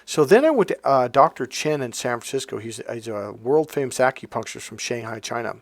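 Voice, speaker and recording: A man's voice: mid-range voice, lively intonation, brisk, vocal fry, dry recording. A man, a life coach, telling a personal story in a rambling, blunt, casual way, swearing now and then.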